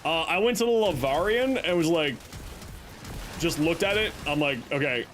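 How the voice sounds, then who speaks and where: A man's voice: a little high, normal speed, slight background noise. A young man chatting casually with viewers on a game stream, playful and teasing. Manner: playful, teasing, joking deadpan bits. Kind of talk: casual live-stream chat.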